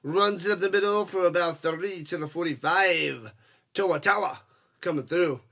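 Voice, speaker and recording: High, bright-voiced excitable male game commentator. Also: normal speed, gravelly. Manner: excitable, yells on big plays, chats with viewers. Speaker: watch-party streamer and host. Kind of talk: casual live play-by-play commentary.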